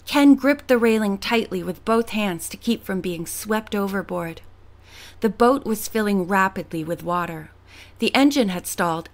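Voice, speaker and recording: A woman reading a teen novel aloud as an audiobook narrator, steady and expressive. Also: medium pitch.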